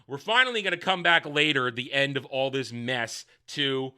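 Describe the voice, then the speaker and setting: A man giving a sarcastic, rambling review of a show, swinging between loud outbursts and mumbled asides. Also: medium pitch, moderate pace, clean tone. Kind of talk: casual ranting review.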